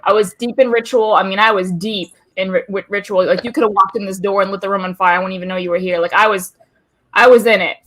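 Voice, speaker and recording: Bright-voiced woman co-host, candid and profane storyteller, casual live chat. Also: medium pitch, steady tone, fast. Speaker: co-host of a witchcraft talk show. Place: home room.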